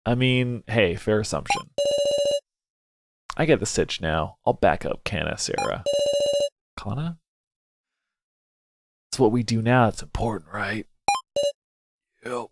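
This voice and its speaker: Man streaming a story game, gravelly voice, slow, anxious, self-deprecating, game music behind. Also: on the low side, very noisy. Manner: anxious, self-deprecating, swearing, reads lines half in character. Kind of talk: let's play commentary, reading dialogue aloud.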